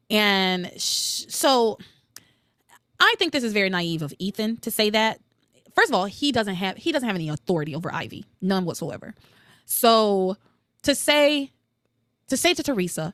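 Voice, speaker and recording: Animated woman recapping a soap, lively pitch. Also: moderate pace, no echo, studio quality. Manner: animated and opinionated, swears freely, quotes characters with jumps in pitch. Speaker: podcast host recapping a soap opera. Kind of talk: solo recap podcast.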